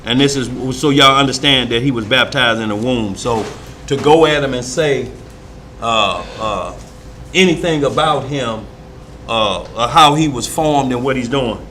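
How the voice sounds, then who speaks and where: A man's voice: medium pitch, measured pace, sharp tone, a little hiss or hum. A man leading an informal Bible study, preaching in an emphatic, folksy way and often checking that listeners follow.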